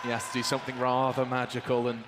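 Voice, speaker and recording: A man giving live play-by-play commentary as an esports caster, wry and quick, rising to loud shouts on big plays. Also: mid-range voice, monotone, a crowd in the background, background noise. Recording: game gunfire and clicks behind.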